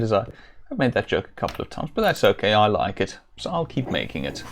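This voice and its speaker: A man's voice: on the low side, huge pitch swings, brisk, a little hiss or hum. A man streaming a video game, chatting casually and rambling with dry, self-amused jokes. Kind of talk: casual let's-play commentary.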